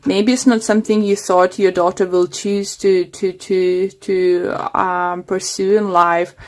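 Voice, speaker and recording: Woman tarot reader losing her voice. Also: mid-range voice. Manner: hesitant, many fillers and restarts. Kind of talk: casual tarot reading monologue.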